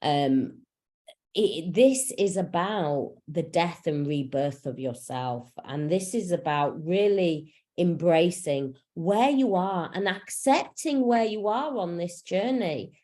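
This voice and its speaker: A woman's voice: fairly low pitch, lively intonation, takes it slowly, mellow. A woman spiritual coach teaching in a casual, frank way, full of fillers and the odd swear word, over a video call. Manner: frank and chatty, swears freely, many fillers.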